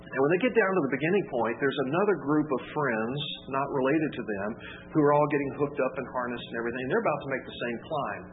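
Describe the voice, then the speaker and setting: A man's voice: mid-range voice, animated, fast talker, in a large hall. A man preaching a sermon, telling a story and raising his voice for emphasis. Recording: tinny phone-like sound, faint background hiss.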